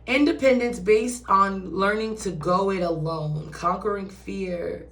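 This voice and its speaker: A woman's voice: medium pitch, a little slow, a bit bright. A woman giving a casual, chatty tarot reading who swears and acts out quoted voices. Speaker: tarot reader. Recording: roomy echo, distant from mic.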